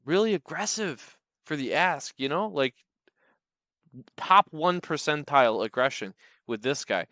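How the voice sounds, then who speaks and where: A man's voice: mid-range voice, animated, unhurried, pauses often, bright, forceful tone, no echo. A young man telling funny true stories, wry, rambling and playful. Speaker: comedic storyteller. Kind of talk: comedic storytelling.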